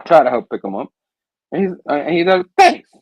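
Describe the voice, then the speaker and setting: A man hosting a casual comic book review, reading the dialogue aloud in an animated way and laughing often. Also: mid-range voice, quick pace, husky, no echo, dull audio. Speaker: host.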